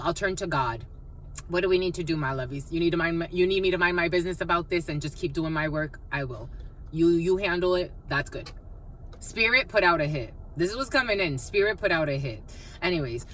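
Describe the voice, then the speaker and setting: A woman's voice: on the low side, a bit bright, slight background noise. A woman giving a rambling spiritual reading, chanting repeated phrases and laughing often. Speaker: intuitive reader.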